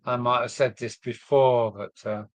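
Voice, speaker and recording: Older southern english host, slow rambling live-stream chat, dry close sound. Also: male voice, mid-range voice, fairly even intonation, no echo. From southern England. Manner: rambling, chuckling, reading viewer comments aloud. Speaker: model railway live streamer. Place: home loft.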